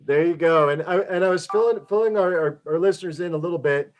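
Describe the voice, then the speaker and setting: Male co-host, slightly high voice, chatty, stumbles over repeated words. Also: quick pace, slight background noise. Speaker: podcast co-host. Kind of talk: conversational show hosting.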